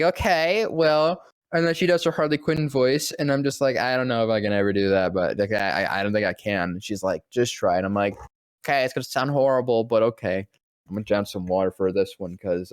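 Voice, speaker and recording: A male voice actor spins a loose, rambling anecdote full of swearing. He slips into the lines people said to him as he goes, and his voice sits at an ordinary middle pitch. The sound is dry and close. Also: normal speed, dry recording. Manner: rambling, profane, acts out quoted lines. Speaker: voice actor guest. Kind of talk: casual storytelling.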